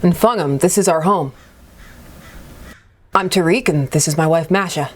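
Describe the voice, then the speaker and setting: Woman reading as a creepy-cheery villager man, soft placating tone, low voice, game. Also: normal speed, natural voice. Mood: calm, placating. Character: smiling, overly calm village man.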